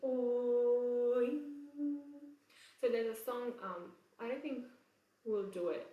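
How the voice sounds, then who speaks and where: A woman with an English accent teaching choir vowel sounds in a relaxed, chatty way, breaking into sung examples. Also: fairly high pitch, normal speed, recorded from a distance, narrow, tinny audio. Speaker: choir vocal coach. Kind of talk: casual singing lesson with sung examples. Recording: roomy echo, voice away from the mic.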